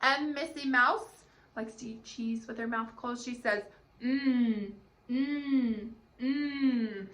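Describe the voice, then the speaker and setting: A woman's voice: a little high, steady tone, measured pace, bright, forceful tone. A woman teacher leading a cheerful, sing-song phonics lesson for young children, demonstrating letter sounds.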